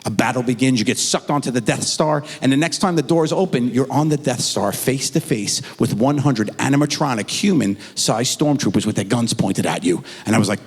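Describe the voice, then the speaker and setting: Lively middle-aged man doing stand-up. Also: mid-range voice, a little fast, few pauses, in a large hall. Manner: animated storytelling, acting out voices. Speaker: stand-up comedian. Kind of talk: stand-up routine.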